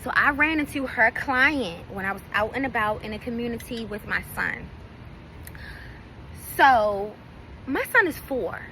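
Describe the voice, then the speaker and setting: A high, bright-voiced woman tells a personal story straight to her viewers. She talks bluntly and swears freely, with an indignant edge, and a faint hum sits behind her. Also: animated, measured pace, low-quality recording. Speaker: vlogger. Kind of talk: casual storytime rant.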